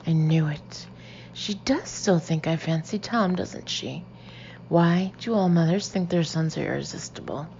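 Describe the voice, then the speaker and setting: A woman narrates a first-person novel in an expressive way, often dropping into breathy asides. Her voice is low, mellow and gravelly. The recording is a little dull, with a faint hiss. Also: unhurried. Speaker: audiobook reader.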